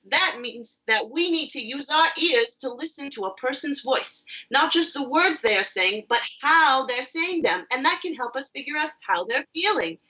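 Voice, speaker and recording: Woman as a friendly kitchen chef teaching children, clear and bright with deliberate pauses, muffled lo-fi. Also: high voice, exaggerated voice. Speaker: children's theatre educator. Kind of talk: children's lesson, addressing viewers at home.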